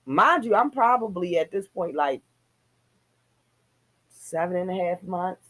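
A woman co-hosting a casual chat, telling an animated story and swearing freely. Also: on the low side, a little slow. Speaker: podcast co-host.

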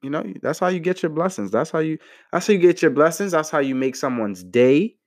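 A young man casually giving relationship advice to the camera in a playful, slangy way, jumping up in pitch for mock outrage. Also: expressive, brisk.

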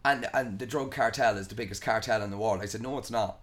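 A young Irish man holds forth on a casual podcast, swearing freely as he rants. His voice sits a little low, and he talks at a rapid clip. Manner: ranting, swears a lot, retells arguments. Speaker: podcast host.

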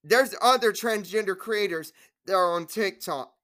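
A woman's voice: medium pitch, normal speed, fairly bright tone. A woman delivering an indignant direct-to-camera rant as a trans rights activist, scolding trolls and repeating herself.

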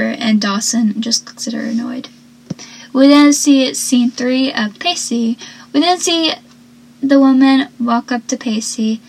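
A young woman with a slightly high voice talks through a TV episode in a loose, rambling way. She fills her sentences with "like" and corrects herself as she goes, in a relaxed recap style. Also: slightly rough, poor audio. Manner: chatty, rambling, with frequent "like" and self-corrections. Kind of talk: casual episode recap and commentary.

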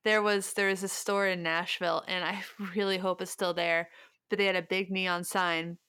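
A young woman co-hosting a podcast, with a smooth, clear voice and a teasing, easy manner. She laughs often as she chats, and she is recorded dry and close to the mic. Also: fairly low pitch, level tone, moderate pace, sharp tone, dry recording. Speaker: podcast co-host and editor. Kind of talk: casual chat.

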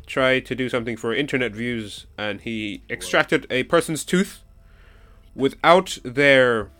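A man's voice: medium pitch, unhurried, a bit bright. A man hosting a casual podcast chat, reading out a news story and insisting his friends listen. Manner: reads news articles aloud to friends. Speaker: podcast host.

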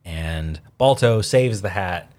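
A man's voice: deep voice, expressive, slow, darkish tone, no echo. A man co-hosting a casual podcast, rambling through a recap and laughing at his own slips. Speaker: podcast co-host. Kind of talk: casual chat.

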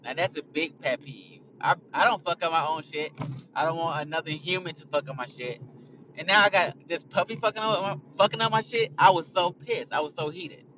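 A man's voice: fairly high pitch, fairly quick, recorded from a distance, highs cut off, slight background noise. A young man talking casually as a podcast host, blunt and profane, rambling from a moving car. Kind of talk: casual chat. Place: in a car on a highway.

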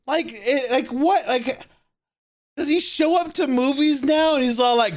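A man with a high voice rambles through casual talk, animated and full of restarts. His delivery jumps around as he builds his point. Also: a little slow, slight background noise. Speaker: podcast co-host. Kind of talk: casual chat.

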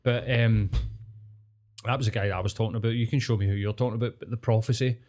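A man's voice: lowish voice, quick pace, slight background noise. A young man with a Scottish accent, co-hosting a podcast in casual, rambling chat and swearing freely. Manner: swears a lot, rambling and animated. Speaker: podcast co-host.

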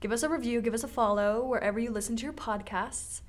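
A woman's voice: on the high side, fast. Young woman cohosting a podcast, casual chatty tone, says like a lot. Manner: chatty, lots of "like" fillers. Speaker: podcast co-host. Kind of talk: casual chat.

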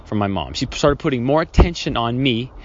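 A man's voice: mid-range voice, animated, fairly quick, lo-fi sound. A man hosting a solo podcast, telling a childhood story in a rambling, self-correcting way and acting out scenes from it. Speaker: podcast host.

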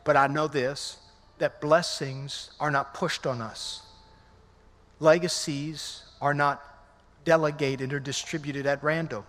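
High-voiced energetic male pastor preaching. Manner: energetic, conversational, calls out to the congregation. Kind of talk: lively sermon. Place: large church sanctuary. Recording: long hall reverb in a church.

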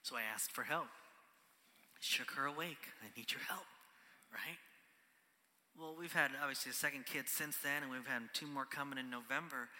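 A man's voice: medium pitch, normal speed, pauses often, bright, forceful tone. A pastor in his thirties giving a conversational sermon, checking in with "right?" and dropping to a whisper for emphasis. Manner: conversational preaching, often ends on "right?", drops to a whisper for emphasis. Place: large church hall. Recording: church hall with long reverb.

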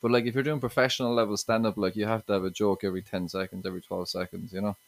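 This stand-up comedian from Limerick, Ireland, is a guest on a podcast, chatting casually with frequent restarts and lots of "you know what I mean." His gravelly voice is on the low side, delivered flat and rapid-fire.

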